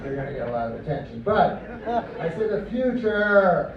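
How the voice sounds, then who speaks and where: A man doing a stand-up comedy set on a club stage, talking in a deadpan, rambling way with mock-earnest quoted voices. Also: medium pitch, fairly quick, gravelly, far from the mic. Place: comedy club stage before a live audience. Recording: roomy, muffled club recording from afar. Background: audience laughter and crowd noise.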